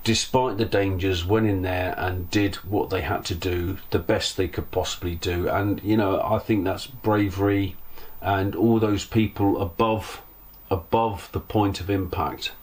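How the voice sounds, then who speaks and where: A man's voice: low-pitched, steady tone, unhurried, darkish tone, breathy edge. A middle-aged man casually reading an on-this-day list on his channel, breaking off into chatty asides and self-corrections. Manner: chatty, reads then adds personal asides and self-corrections. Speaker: vlogger hosting a Q&A.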